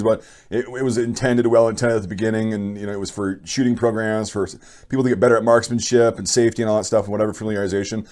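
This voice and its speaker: A man's voice: on the low side, darkish tone. A young man hosting his channel, bluntly giving opinions and reading viewer stories in a rambling, casual way. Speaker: channel host.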